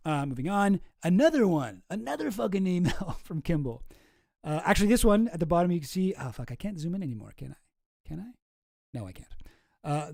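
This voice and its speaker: Male streamer, casual chat, slightly high voice, mellow tone, swears a lot, dry close mic. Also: no echo. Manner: rambling, swears a lot, restarts sentences. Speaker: streamer host. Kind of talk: casual live-stream commentary.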